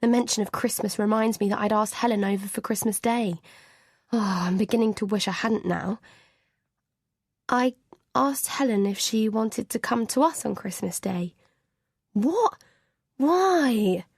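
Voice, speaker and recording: A woman reading a first-person suspense thriller audiobook in an even, measured voice, at times dropping to a whisper in tense dialogue. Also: mid-range voice, creaky, husky, dry recording, studio quality. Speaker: audiobook narrator.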